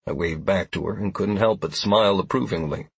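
A man narrating a first-person audiobook in an even, steady storytelling manner. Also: sits low, a little fast, husky, dry recording.

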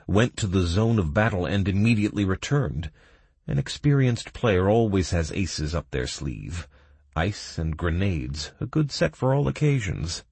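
A man narrating a first-person fantasy game audiobook in a steady storytelling voice. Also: deep voice, breathy edge, dry recording.

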